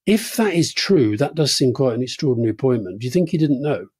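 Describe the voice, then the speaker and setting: A man's voice: medium pitch, lively intonation, quick pace, a little mellow, breathy edge, no room sound. A man in his sixties co-hosting a conversational political podcast, earnest and reflective. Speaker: podcast co-host.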